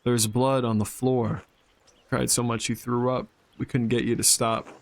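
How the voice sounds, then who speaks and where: A man's voice: mid-range voice, little pitch movement, a little slow, creaky. A man voicing a caring adult daughter of an old villager in a narrative game, reading the lines aloud in a plain voice. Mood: sad.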